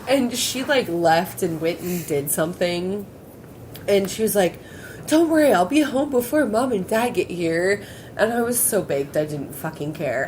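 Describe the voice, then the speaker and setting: Slow-talking, giggly young woman. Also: mid-range voice, expressive, slight background noise, poor audio. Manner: giggly, swearing, rambling. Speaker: podcast host. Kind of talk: casual storytelling chat.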